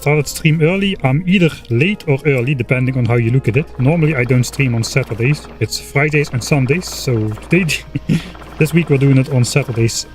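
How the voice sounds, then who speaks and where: A man streaming a game and thinking aloud in a casual, relaxed way, often pausing with filler words. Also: medium pitch, soft background music. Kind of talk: casual gameplay commentary.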